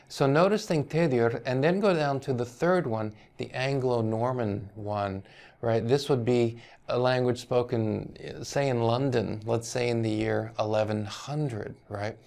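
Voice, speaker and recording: A man's voice: mid-range voice, measured pace, vocal fry. A male university teacher giving a lecture on language history, explaining patiently, often checking in with "right?" and hedging over foreign pronunciations.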